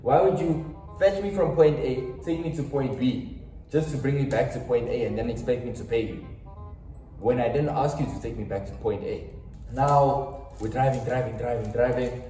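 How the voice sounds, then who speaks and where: Young South African man, dramatic storyteller, mellow tone, echoey room. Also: mid-range voice, normal speed, recorded from a distance. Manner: dramatic, quotes voices, slangy asides to viewers. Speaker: storytime vlogger. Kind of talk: animated storytime vlog. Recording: roomy echo, off-mic, faint music.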